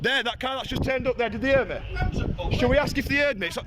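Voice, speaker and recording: A man's voice: very high-pitched, very fast, noisy background. A man, filming and confronting police officers on the street, firing repeated challenging questions. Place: outdoors on a street near traffic.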